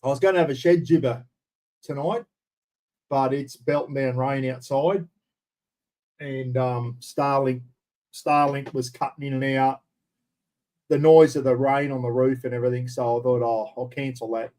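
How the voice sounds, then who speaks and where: A man's voice: medium pitch, steady tone, normal speed, long pauses, darkish tone. An Australian man hosting a casual livestream from a room at home, chatting easily and greeting viewers by name. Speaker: livestream host. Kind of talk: casual live chat reading out viewer names.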